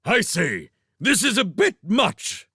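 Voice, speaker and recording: A man voicing a pompous, fussy old king in a storybook reading, booming and exclaiming. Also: very animated, slow, gravelly, pushed and bright, no echo, studio quality, full character voice. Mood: blustering.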